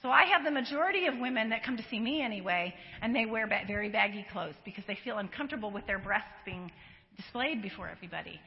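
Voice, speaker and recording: A woman counselor giving a conversational talk to a live audience, animated and given to acting out the remarks she quotes. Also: medium pitch, fast talker, creaky, slight background noise. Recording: dull lo-fi sound, long hall reverb.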